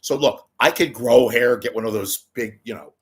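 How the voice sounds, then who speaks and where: A man in a home room, a TV monitor behind him, delivers rambling vlog commentary straight to camera, swearing, joking, drifting between digressions and slipping into silly voices. He speaks in a mid-range voice at normal speed.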